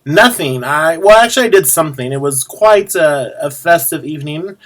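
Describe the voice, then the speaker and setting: A man, a drag performer, chatting casually to camera in a rambling, sassy way with many pauses. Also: a little high, animated, fairly bright tone. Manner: rambling, lots of ums and restarts.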